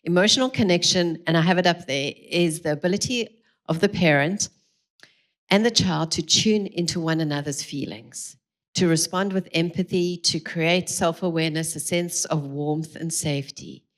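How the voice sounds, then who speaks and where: A woman's voice: on the low side, moderate pace. A middle-aged woman giving an earnest, encouraging talk to a live audience at a church parenting evening, speaking into a mic through a PA. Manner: earnest, encouraging, addresses the room directly. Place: large room with a live audience.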